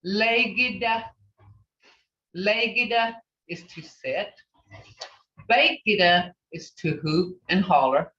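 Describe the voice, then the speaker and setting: A woman teaching a beginner language class, patiently sounding out each word slowly and repeating it. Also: mid-range voice, fairly bright tone, far from the mic. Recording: echoey, dull lo-fi class recording.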